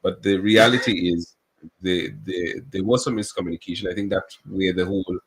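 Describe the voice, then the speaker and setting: A man's voice: sits low, steady tone, brisk, breathy edge, rough recording. A man, a government official speaking as a guest on a radio talk show, earnest and explaining at length with many restarts.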